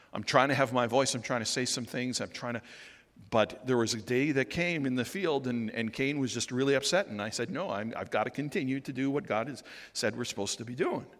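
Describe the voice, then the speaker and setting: A man preaching while playing Abel, a young biblical shepherd, speaking softly and earnestly with stumbling restarts, in a reverberant hall. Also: mid-range voice, natural voice. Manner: soft-spoken, rambling with restarts.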